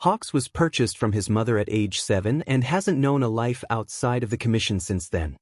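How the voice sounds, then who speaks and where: A man voicing a tired, blunt male hero-teacher and protective father who speaks in a flat monotone. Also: mid-range voice, normal speed, no room sound, studio quality, lightly acted.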